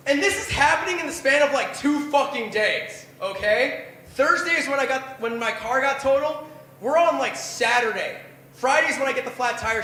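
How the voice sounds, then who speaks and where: A twentysomething man does stand-up storytelling at a bar's open mic, spinning a crude tale at his own expense. His voice is very high, bright and forceful, and the space around him is heavily echoey with a faint background hum.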